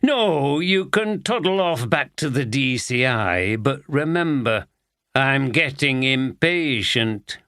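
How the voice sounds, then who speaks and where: A man's voice: medium pitch, lively intonation, takes it slowly, bright, forceful tone, no echo, studio quality, heavily acted. A man voicing a sleazy, smug police officer in an audiobook.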